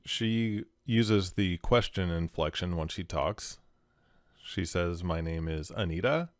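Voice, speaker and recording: A man hosting a show, calmly explaining body-language clues step by step. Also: low-pitched, no room sound, clean studio sound. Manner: calm, instructive, step-by-step. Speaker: host analysing body language. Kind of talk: explanatory commentary.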